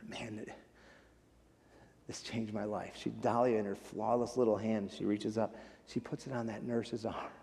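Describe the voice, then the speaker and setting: A man's voice: lowish voice, vocal fry, a little mellow. Man preaching in a reverberant church. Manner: emotional, conversational, often says "man" and "friends". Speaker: guest speaker. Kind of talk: sermon. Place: church sanctuary. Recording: long reverb of a large hall.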